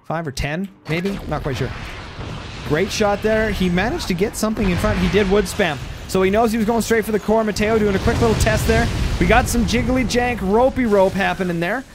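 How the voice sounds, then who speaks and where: A man's voice: sits high, fairly quick, music in the background. A man giving casual, jokey play-by-play commentary on a strategy game match, his voice starting to tire. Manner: jokey, excitable, voice going tired.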